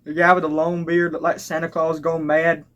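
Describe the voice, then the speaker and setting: A young man telling comic stand-up stories, rambling and halting with frequent restarts. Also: on the high side, completely flat delivery, a bit bright, lo-fi sound. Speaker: stand-up comedian. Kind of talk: stand-up comedy storytelling. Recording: live crowd laughter and noise. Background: audience laughing.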